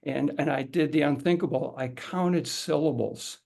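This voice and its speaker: A man's voice: on the high side, moderate pace, vocal fry, darkish tone. A middle-aged man teaching a haiku workshop in a casual, conversational way, often repeating words and restarting sentences as he demonstrates aloud. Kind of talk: casual instructional talk to an audience.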